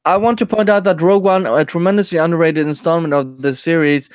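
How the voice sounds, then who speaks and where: A man's voice: a little high, fairly even intonation, fast talker, clear, resonant tone, no room sound. A man hosting a casual podcast, reading an article aloud with sarcastic, swearing asides. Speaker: podcast host.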